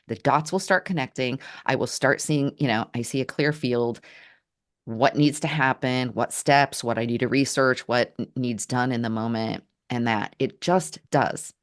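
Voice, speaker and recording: A woman telling a personal story in an earnest, halting way, restarting her sentences as she reflects. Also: extremely low pitch. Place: Portland area, Oregon.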